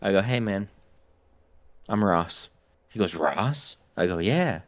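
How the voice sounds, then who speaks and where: A man from the northern United States, a podcast co-host, telling a story in a casual, animated and profane way. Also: deep voice, slow pace, dry recording.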